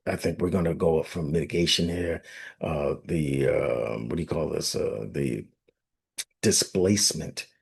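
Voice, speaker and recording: A man's voice: very deep voice, gravelly, breathy edge. A man hosting a forex forecast, talking casually through charts with many fillers and restarts, often checking that viewers follow along. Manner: rambling, filler-heavy, asks viewers if they understand. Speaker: forex analyst host.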